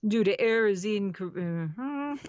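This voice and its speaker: A woman's voice: medium pitch, no echo, muffled recording. Woman narrating a novel, re-reading lines. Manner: breaks off and re-reads lines, laughing at her slips. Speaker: audiobook narrator. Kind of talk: live-streamed novel narration with retakes.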